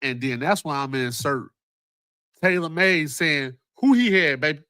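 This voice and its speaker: Excitable cussing vlog host guy, high voice, super bouncy. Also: normal speed, clean tone, no room sound, clean studio sound. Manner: excitable, profane, repeats himself. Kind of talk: casual commentary vlog.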